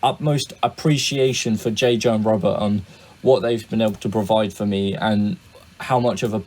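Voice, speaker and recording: A man with a British accent introducing his chart analysis in a polite, measured, formal way. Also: fairly low pitch, fairly even intonation, a little mellow. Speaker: student presenting a chart analysis. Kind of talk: prepared video intro.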